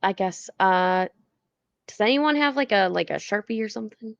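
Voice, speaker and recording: A woman's voice: medium pitch, lively intonation, moderate pace, vocal fry, dry recording, muffled recording. A woman playing a tabletop game, speaking hesitantly with stops and restarts. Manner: hesitant, stop-start. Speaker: player. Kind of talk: tabletop role-play chat.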